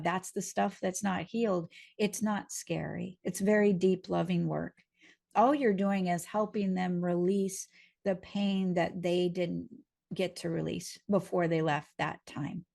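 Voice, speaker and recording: Gravelly woman teaching hypnotherapy calmly. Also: on the low side. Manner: calm, explanatory, uses homely images. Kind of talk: teaching a training lesson.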